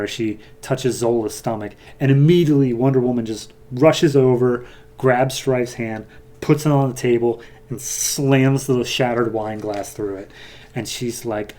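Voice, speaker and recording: A man hosting a podcast, casually retelling a comic's plot with many fillers and quick quoted lines. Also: mid-range voice, steady tone, a little mellow. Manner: loose, filler-heavy retelling, voicing characters lightly. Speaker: podcast host.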